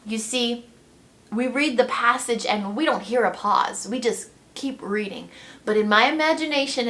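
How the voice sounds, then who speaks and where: A woman's voice: fairly high pitch, fairly bright tone, slight background noise. A woman giving a devotional Bible teaching in an earnest, reflective manner.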